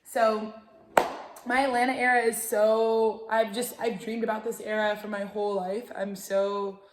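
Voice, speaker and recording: A woman's voice: medium pitch, flat delivery, measured pace, reverberant, a little hiss or hum. A young woman from Texas, chatting casually and profanely while giving a tarot reading. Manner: chatty and profane, lots of fillers, scolding a dog. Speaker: tarot reader and show host.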